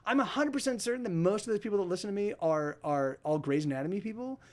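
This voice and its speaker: A musician and podcast host chatting casually on a livestream, telling rambling stories full of restarts and swearing. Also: male voice, high voice, fast.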